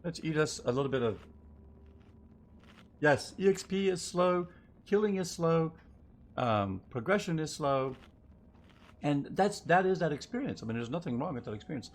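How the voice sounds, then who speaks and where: A man's voice: fairly high pitch, expressive, moderate pace, long pauses. A man streaming a game live, chatting and thinking aloud in a loose, rambling way as he plays. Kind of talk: live gameplay commentary.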